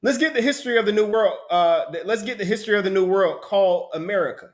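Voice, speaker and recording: A man teaching a Bible study, explaining the text in an animated way and often asking "right?". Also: high voice, fast. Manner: animated, asks rhetorical questions, repeats "right?". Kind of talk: sermon-style teaching with a reader.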